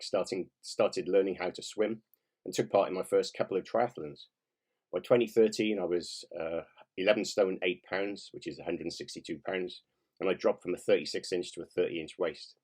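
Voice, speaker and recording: A man's voice: sits low, a little mellow, husky. A man in his fifties, an author reading his own nonfiction aloud in a wry, self-mocking way with casual swearing. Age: 50s.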